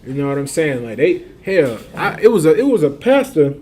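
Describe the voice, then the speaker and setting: A man's voice: a little high, big pitch swings, a little fast, a little mellow. Laughing man telling a street story. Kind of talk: casual storytelling.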